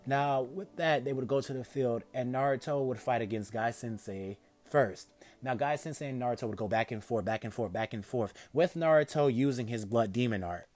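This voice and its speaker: A man's voice: mid-range voice, moderate pace, hardly any pauses, darkish tone. A man casually retelling a fan story, rambling and correcting himself as he goes. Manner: rambling, filler-heavy, self-correcting.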